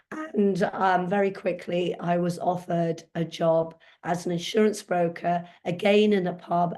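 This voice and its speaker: A woman with a croaky voice, telling candid stories as a podcast guest. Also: on the low side, warm tone. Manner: candid, anecdotal storytelling. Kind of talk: casual interview.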